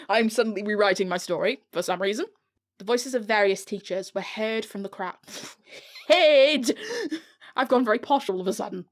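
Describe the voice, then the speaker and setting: A British woman reading her own novel aloud, often breaking into giggles and swearing at her slips. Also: mid-range voice. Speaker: author narrating her own audiobook. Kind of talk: audiobook reading with bloopers. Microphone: home recording mic.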